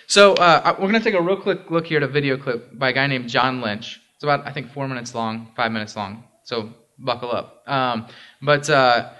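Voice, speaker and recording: A man's voice: medium pitch, moderate pace, few pauses, bright, forceful tone. A male pastor giving a conversational sermon in a church. He asks the congregation questions and often checks in with "right?". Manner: casual and interactive, frequent "right?" and "um". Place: church sanctuary.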